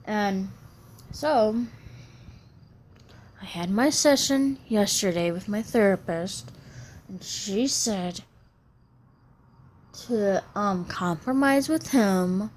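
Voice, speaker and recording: A woman's voice: mid-range voice, animated, extremely slow, pauses often, darkish tone. A woman in her thirties venting in a personal vlog, rambling and aggrieved, restarting her sentences often. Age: 30s. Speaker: vlogger.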